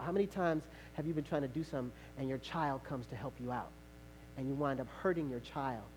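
A man preaching a lively sermon as pastor, telling stories with acted-out dialogue and repeated phrases. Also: a little high, low-quality recording. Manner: animated, storytelling with acted-out dialogue and repetition.

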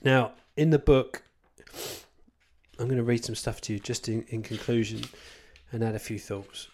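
A man's voice: medium pitch, fairly even intonation, normal speed, darkish tone, a little hiss or hum. A man, a Christian author, giving an informal talk about church life, rambling and candid with self-deprecating asides and emphatic repetition.

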